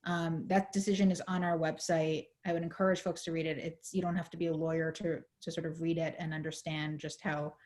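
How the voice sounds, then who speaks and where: A woman on a video call explaining a legal case in a panel talk, measured, with many fillers, her voice going hoarse. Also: sits low, flat delivery, darkish tone. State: losing her voice. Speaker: legal advocate in a panel discussion.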